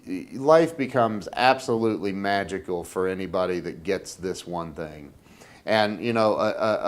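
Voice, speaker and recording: A man hosting his own business web show, talking casually to camera and rambling with many restarts, getting excited as he tells a story. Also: fairly low pitch, clear, resonant tone. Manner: gets excited telling a story.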